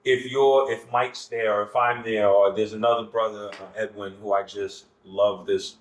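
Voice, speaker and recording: Man, low voice, casual podcast talk, earnest, lots of restarts, roomy echo. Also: steady tone, normal speed. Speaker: podcast guest. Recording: echoey room.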